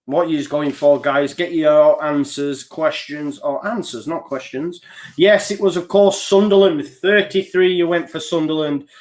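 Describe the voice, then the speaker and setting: A quiz host runs a live online quiz, chatting easily between questions at a measured pace. His voice sits a little high for a man; he reads the answer options in a steady list and laughs off his small slips in a loose, self-deprecating way.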